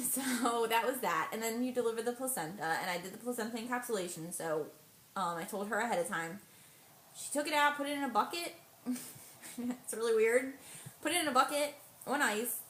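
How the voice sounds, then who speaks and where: A young woman telling a personal story in a casual vlog, acting out the dialogue with animated quotes and frequent laughs. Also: a little high, normal speed. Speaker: vlogger. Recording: echoey room, faint noise.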